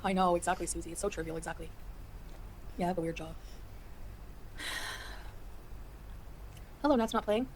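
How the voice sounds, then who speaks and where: A woman's voice: fairly low pitch, slight background noise. A woman in her forties, from Canada, talking casually on a livestream, reading out chat comments and ranting about her critics. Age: 40s. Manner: rapid, chatty, laughing, exasperated rants.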